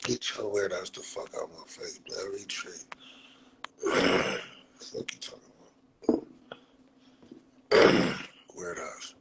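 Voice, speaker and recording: Deep-voiced man, loose profane live chat. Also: slow pace, vocal fry, pauses often, very noisy. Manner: loose and profane, streetwise slang, frequent laughter. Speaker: livestreamer. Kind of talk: casual livestream chat.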